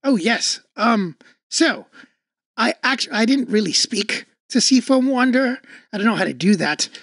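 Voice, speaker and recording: Animated, earnest woman playing a tabletop game. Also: fairly high pitch, moderate pace, dry recording, studio quality. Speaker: player. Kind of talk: casual tabletop role-play.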